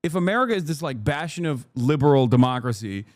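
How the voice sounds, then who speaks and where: A man's voice: medium pitch, lively intonation, fast talker, no echo. Heated, swearing male streamer, dry sound. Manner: heated, sarcastic, swears often. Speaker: streamer reacting to a clip. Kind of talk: casual live-stream commentary.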